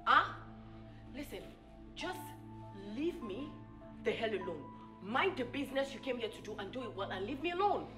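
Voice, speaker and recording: A woman's voice: a little high, very animated, moderate pace, long pauses. A woman with a Nigerian accent playing a defiant, scornful young woman who brushes off a former lover. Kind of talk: film drama acting. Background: music.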